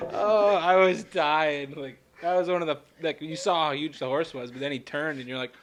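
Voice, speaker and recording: A man co-hosting a casual podcast, telling animated stories with frequent laughter and casual swearing. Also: a little high, a little slow. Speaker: podcast co-host. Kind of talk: casual storytelling chat.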